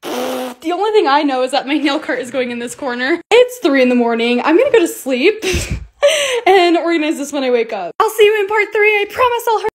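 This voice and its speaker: A young woman narrating her own lifestyle vlog in a bubbly, excitable voice-over. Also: high voice, quick pace. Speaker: beauty and lifestyle creator.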